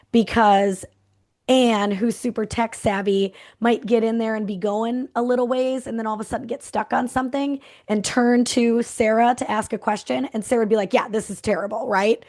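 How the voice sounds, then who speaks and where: A middle-aged woman, a culture coach, giving a motivational talk and telling a story with acted-out quotes. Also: on the high side. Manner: lively storytelling, acts out quotes of clients.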